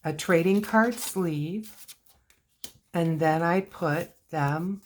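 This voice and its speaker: Low, slow-talking woman crafter. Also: slight background noise. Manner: chatty, talks to herself while working. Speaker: crafting video host. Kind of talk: casual crafting walkthrough.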